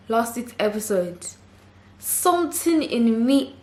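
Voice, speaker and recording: A woman recaps a reality show episode in a loose, chatty way, quick to laugh at what she saw. Her voice sits at an ordinary middle pitch. The room around her gives off a noticeable echo. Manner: chatty and expressive, laughs readily. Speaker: reality TV reviewer.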